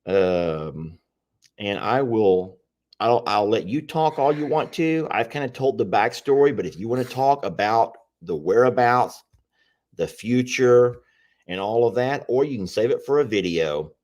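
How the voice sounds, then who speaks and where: Chatty man, slightly low voice. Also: lively intonation, normal speed, a little mellow. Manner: rambling, chatty, repeats himself. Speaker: animal sanctuary host. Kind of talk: casual livestream chat.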